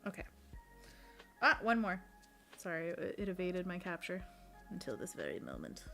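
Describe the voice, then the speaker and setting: A woman's voice: on the low side, huge pitch swings, normal speed, creaky, sharp tone. A young woman co-hosting a painting livestream, chatting casually and playfully with frequent giggles. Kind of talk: casual chat while painting. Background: faint music.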